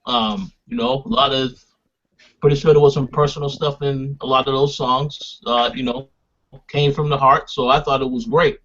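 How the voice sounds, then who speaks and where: A man on a casual hip hop podcast panel, sharing his views in an easygoing, measured way. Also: medium pitch, steady tone, a bit bright. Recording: dull lo-fi mic.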